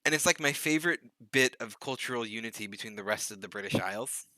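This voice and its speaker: On a rough recording, a man hosting a live gaming stream chats casually and tells rambling stories while playing. His medium-pitched voice is animated, quick and sharp.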